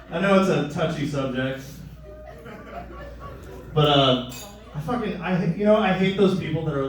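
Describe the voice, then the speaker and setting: A young man performing a crude, rambling stand-up comedy set, jumping into loud high voices for the people he quotes. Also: animated, quick pace, a little hiss or hum. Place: live comedy club. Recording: echoey room, mic a bit distant.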